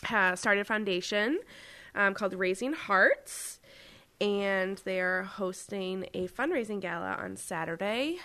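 A woman's voice: mid-range voice, lively intonation, slow, bright, forceful tone. Giggly woman co-hosting a podcast. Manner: laughs often, many fillers. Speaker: podcast co-host. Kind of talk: casual chat.

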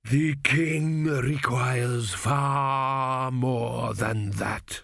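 A man reading the part of a stern, cold old high priest, in a slow, grave and commanding way. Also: creaky, fairly bright tone, dry recording, studio quality, exaggerated voice.

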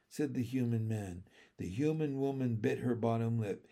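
A man reading a storybook aloud as its narrator, in an expressive, unhurried way. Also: mid-range voice, vocal fry.

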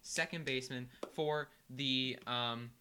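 A young man co-hosting a casual sports chat, an animated storyteller who loudly mimics yelling fans. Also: mid-range voice, takes it slowly, slight background noise. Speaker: co-host.

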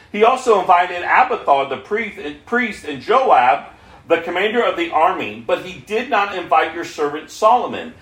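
A queen mother pleading with an aging king, as a man reads her part in his own fairly high voice. The delivery is plain and earnest rather than acted, and the room rings with echo. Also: fairly bright tone. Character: Bathsheba, royal mother pleading with the old king. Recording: echoey room.

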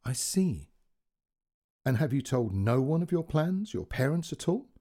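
A kindly, wise old man by the fire, as a storyteller puts him on, speaking gently and warmly. The voice is mellow and a little husky, and it rises and falls expressively. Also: mid-range voice, very animated, unhurried. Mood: gentle. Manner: gentle, welcoming.

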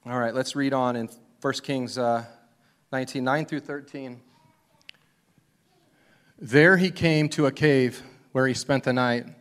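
A man preaching a sermon as pastor, retelling a scripture story and acting out its scenes, dropping to a whisper for the quiet moments. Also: medium pitch, fairly even intonation, measured pace, long pauses.

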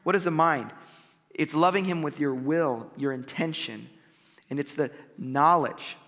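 A man preaching a sermon as pastor, energetic and conversational, talking straight to the congregation. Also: fairly high pitch, a little slow, in a large hall.

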